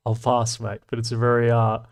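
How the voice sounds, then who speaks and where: A man's voice: mid-range voice, creaky. A man, a streamer and animator, casually rambling and reading chat comments with plenty of swearing. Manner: relaxed, profane, rambling and chatty.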